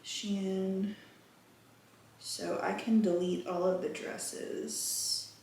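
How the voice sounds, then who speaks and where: A woman's voice: mid-range voice, fairly even intonation, very slow, darkish tone, slight background noise. Breathless, chatty woman vlogging. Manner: rambling, chatty, self-interrupting. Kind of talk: casual vlog chat. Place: home room. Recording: echoey room.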